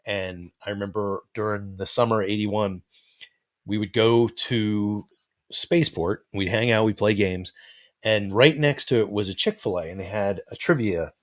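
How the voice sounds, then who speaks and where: Podcast co-host, middle-aged man, lowish voice, quick wisecracking banter. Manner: wisecracking, quick jokey interjections. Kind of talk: casual nostalgic chat.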